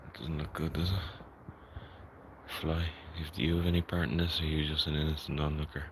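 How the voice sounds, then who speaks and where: A very deep-voiced Irish man hosts a laid-back live tour of his vegetable garden. He talks in a soft, mumbly way and often drops to a half-whisper. Outdoor noise runs clearly under his voice throughout. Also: level tone, a little fast. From Ireland. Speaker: gardening livestream host. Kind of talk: casual live garden walkthrough. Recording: noisy outdoor livestream audio.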